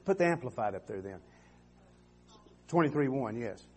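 Husky-voiced preaching man. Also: mid-range voice, lively intonation, normal speed. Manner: preaching with call-and-response "Amen" and "Come on", stammering restarts. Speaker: pastor. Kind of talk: sermon. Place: church sanctuary.

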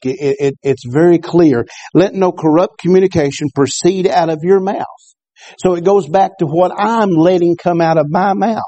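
Man preaching a sermon, mellow voice. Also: on the high side, no echo. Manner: repeats words and restarts, calls out "Amen?" to the congregation. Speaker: pastor. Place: church.

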